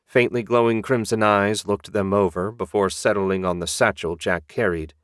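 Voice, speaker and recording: A man narrating a fantasy audiobook in a measured, even storytelling manner. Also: on the low side, clean tone, no room sound, clean studio sound.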